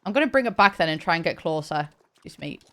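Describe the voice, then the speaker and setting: A young woman chatting and laughing while she streams a game, talking in halting bursts with frequent restarts. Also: low-pitched, expressive, bright, forceful tone. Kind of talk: casual live-stream chat while gaming.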